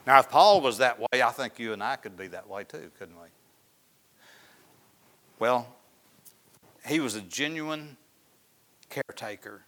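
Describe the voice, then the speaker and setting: A man preaching a sermon in a folksy storytelling way, often dropping to soft, hushed tones. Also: medium pitch, a little slow, long pauses. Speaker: pastor.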